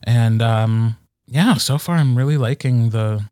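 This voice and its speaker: A man with an average-pitched voice chats easily on a podcast, pausing with frequent ums. He sounds like an audiobook narrator between sessions. His voice is recorded close and dry, with no room sound. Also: no room sound. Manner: relaxed, hesitant with many ums. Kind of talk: casual chat.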